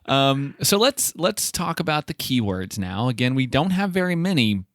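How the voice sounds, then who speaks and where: A man's voice: medium pitch, sing-song, moderate pace, dry recording, studio quality. A man co-hosting a podcast in casual banter, joking and laughing as he riffs on ideas. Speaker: podcast co-host.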